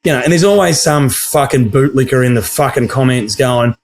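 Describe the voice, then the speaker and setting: A man's voice: mid-range voice, fairly quick. Sweary Australian man ranting. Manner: sweary ranting storyteller, acts out quoted people. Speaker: podcast co-host. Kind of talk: casual chat.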